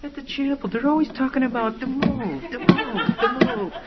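A man's voice: very high-pitched, expressive, moderate pace, pitched above the performer's own voice. A man doing Junior, a bumbling young demon. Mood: overeager. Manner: overeager, bumbling. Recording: dull lo-fi with faint noise.

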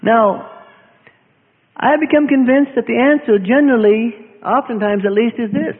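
A man preaching a sermon in an earnest, searching way, often repeating his words and dropping from loud to hushed. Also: very high-pitched, moderate pace. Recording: tinny phone-like sound with long hall reverb.

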